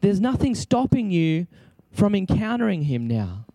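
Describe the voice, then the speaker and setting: A man's voice: high-pitched, very animated, unhurried, warm tone, no room sound. A man preaching an impassioned sermon, exclaiming and acting out prayers as he speaks.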